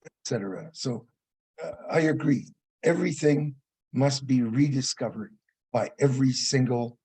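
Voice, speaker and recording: A man who teaches martial arts, speaking as a guest in a measured, teacherly way. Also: medium pitch, warm tone, husky, rough recording. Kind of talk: casual interview chat.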